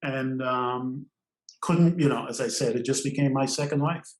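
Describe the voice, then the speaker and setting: An older man from Trinidad, a podcast guest, telling stories in an animated way and laughing often between phrases. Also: medium pitch, moderate pace, roomy sound, poor audio. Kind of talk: storytelling interview.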